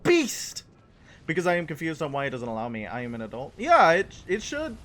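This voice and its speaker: A man streams a game and talks to his chat in an easygoing, joking way. His voice sits a little high and swings up and down a lot. He reacts to the game and answers viewer questions in plain casual speech. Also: huge pitch swings, quick pace, a bit bright, a little hiss or hum.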